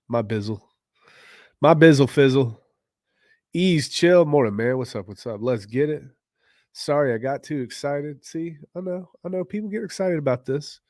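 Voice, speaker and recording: A man hosting a casual crypto livestream, greeting viewers by name in loose slang and often clearing his throat. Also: medium pitch, a little mellow, dry recording, studio quality. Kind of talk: casual livestream chat, reading viewer comments.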